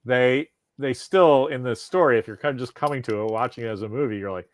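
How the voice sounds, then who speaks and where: A man co-hosting a casual podcast, talking in quick animated bursts and cursing freely. His voice sits at an ordinary middle pitch. The recording is dry and close, with almost no room sound. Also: no room sound. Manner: animated, profane, frequent restarts. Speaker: podcast co-host. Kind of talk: casual chat.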